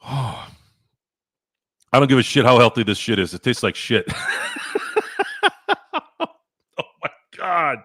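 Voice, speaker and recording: A man hosting a livestream, chatting casually and telling a profane, animated story with many restarts. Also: medium pitch, measured pace, long pauses, no echo, clean studio sound. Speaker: podcast host.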